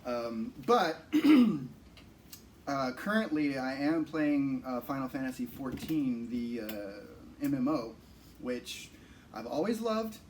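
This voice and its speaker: A man's voice: mid-range voice, expressive, takes it slowly. Forties guy on a podcast, joking around and cussing, mic sits kinda far off with a bit of hiss. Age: 40s. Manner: laid-back, joking, swears freely. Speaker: podcast co-host. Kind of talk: casual chat. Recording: distant mic with faint noise.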